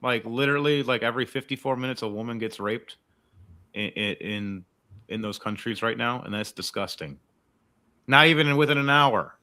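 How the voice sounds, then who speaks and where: A man's voice: medium pitch, normal speed, sharp tone. A man co-hosting a podcast, chatting casually with emphatic agreement.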